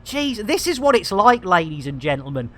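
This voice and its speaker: A woman's voice: medium pitch, sing-song, normal speed, fairly bright tone. A woman hosting a live game stream, rambling in a jokey, self-mocking and theatrical way.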